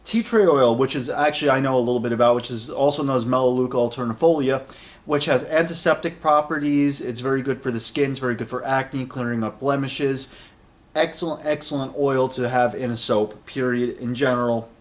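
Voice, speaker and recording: Man, 30s, mid-pitched, casual friendly reviewer, rambles with lots of fillers. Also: fairly even intonation, brisk. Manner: rambling, repeats words and uses many fillers; friendly and enthusiastic. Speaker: shaving product reviewer.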